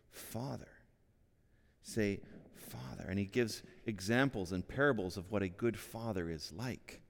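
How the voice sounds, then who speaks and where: Forties male preacher, low-pitched, conversational and earnest, ringing hall sound. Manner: earnest, conversational, repeats words when starting phrases. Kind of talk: sermon. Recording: long reverb of a hall.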